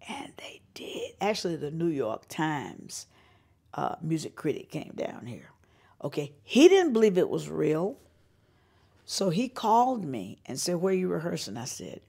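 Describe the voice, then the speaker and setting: A woman's voice: lowish voice, moderate pace, creaky. An older woman from North Carolina, telling stories in an interview and acting out the voices of the people she quotes. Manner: animated storyteller who acts out quoted voices. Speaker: singer and showcase organizer. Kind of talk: storytelling interview.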